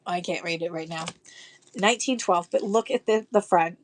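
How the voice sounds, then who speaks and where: A woman's voice: fairly low pitch, normal speed. A woman selling vintage postcards on a live stream, gushing over each card and reading verses aloud in a chatty way. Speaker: live online auction seller.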